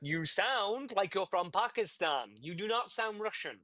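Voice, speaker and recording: Mocking man, slightly high voice, ribbing debate guests. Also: animated, a little slow, pushed and bright, no echo. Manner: teasing, mocking, laughs often. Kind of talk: casual online debate.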